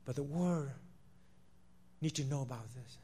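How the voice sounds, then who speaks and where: High-voiced man preaching with fervor. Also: measured pace, breathy edge. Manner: impassioned, swinging between loud declarations and hushed asides; repeats phrases for emphasis, addresses listeners as "my friend". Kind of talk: sermon.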